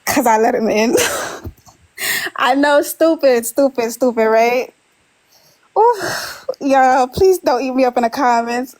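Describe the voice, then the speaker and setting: A woman's voice: sits high, takes it slowly, pauses often, darkish tone, poor audio. A woman in her twenties, a caller on a live stream, telling a rambling personal story with nervous laughs and many fillers. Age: 20s. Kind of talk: casual confessional storytelling.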